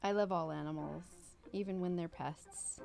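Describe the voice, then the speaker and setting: A woman's voice: fairly low pitch, steady tone, moderate pace, gravelly, darkish tone, faint music behind. A woman hosting a livestream, chatting casually and easily amused while crafting and reading viewer comments. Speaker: livestream host doing crafts.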